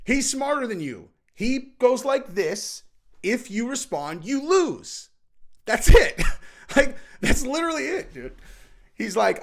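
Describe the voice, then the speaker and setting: A man's voice: very high voice, big pitch swings, a little slow. Blunt, profane man ranting casually. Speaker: commentary show host. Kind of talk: casual rant-style commentary.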